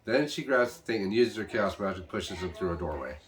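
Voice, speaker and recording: A man casually recapping an episode, rambling with restarts and quickly paraphrasing what the characters say. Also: sits low, lively intonation, a little hiss or hum. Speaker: show reviewer.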